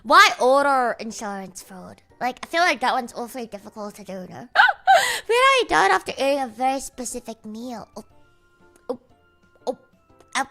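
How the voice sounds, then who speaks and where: A woman's voice: fairly high pitch, big pitch swings, normal speed, bright, forceful tone. A young woman streamer in casual chat, playful and giggly, rambling through absurd jokes. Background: faint music.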